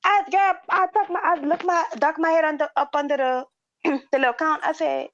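A woman's voice: high voice, steady tone, brisk, fairly bright tone. A woman co-hosting a podcast, telling a story in loose, slangy casual chat and acting out the people in it. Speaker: podcast co-host. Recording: dry, slightly dull recording.

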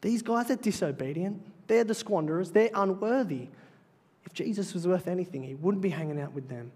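A man with a noticeably high voice delivers a sermon from the pulpit. He is earnest and emphatic, drawing out key phrases slowly for weight. His words ring out with a long, lingering reverb, as in a large church sanctuary. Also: a little mellow, slightly rough. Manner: earnest, emphatic preaching with slow deliberate phrases. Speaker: pastor.

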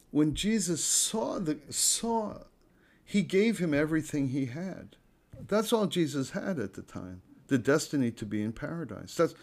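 Halting, gravelly-voiced man musing earnestly. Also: fairly high pitch, darkish tone. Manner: halting, repeats phrases, restarts often; earnest, unhurried, conversational. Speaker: speaker giving a reflection. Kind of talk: informal spoken reflection on scripture.

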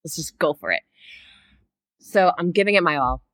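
A woman with a fairly low voice tells a story in a casual podcast chat. She is lively and swears freely, and she acts out her own reactions as she goes. The sound is dry and close, with no room echo. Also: moderate pace. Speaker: podcast co-host.

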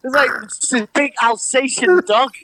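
A man's voice: extremely high pitch, animated, normal speed, bright, forceful tone, low-quality recording. A man, a chef, casually telling rambling, sweary stories to an old friend and laughing along. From Durham, North East England. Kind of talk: casual storytelling chat between old friends.

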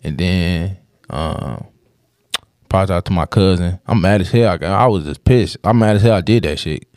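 A man's voice: low voice, moderate pace, darkish tone, dry recording, studio quality. A man candidly telling a rambling personal story in casual podcast talk, with plenty of cursing.

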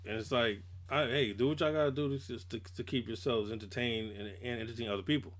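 A man's voice: mid-range voice, fast. A man co-hosting a podcast in casual chat, telling stories in slang and acting out what others said. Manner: animated storytelling, slangy, acts out quotes. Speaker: podcast co-host.

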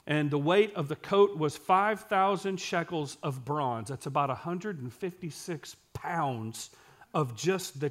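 Man preaching a sermon with scripture, fairly high voice. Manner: reads scripture aloud, then pauses to explain it and ask the listeners questions; drops to a quiet, intense voice for emphasis.

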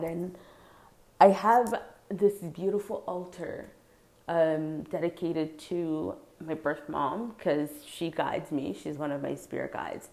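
A woman's voice: sits low, a little mellow, echoey room. A woman host speaking earnestly and heartfelt in a casual spiritual talk, with many fillers. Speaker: podcast host.

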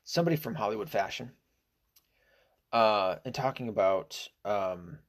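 In a fairly low voice and an unhurried pace, a man holds forth as a political commentator in a casual monologue. Indignant and profane, he rambles with plenty of fillers, false starts and hesitations.

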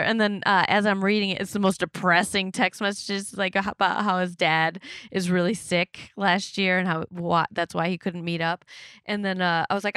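Animated woman podcast host, dry sound. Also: fairly quick, smooth, dry recording. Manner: animated storyteller, jumps to high squeaky pitch when quoting herself. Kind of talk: casual chat.

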